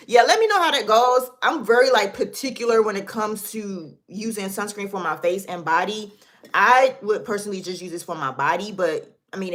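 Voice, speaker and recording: Low-voiced woman chatting with her livestream. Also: fairly bright tone. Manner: chatty, talks straight to her viewers, loose and informal. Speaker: beauty livestream host. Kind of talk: casual livestream chat, reading viewer comments. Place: at her desk at home.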